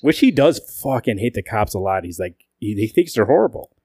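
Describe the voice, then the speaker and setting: A man's voice: on the low side, fairly quick, husky, no room sound, clean studio sound. Profane laughing male podcast co-host. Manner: profane, laughing, animated when reading quotes. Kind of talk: casual podcast chat.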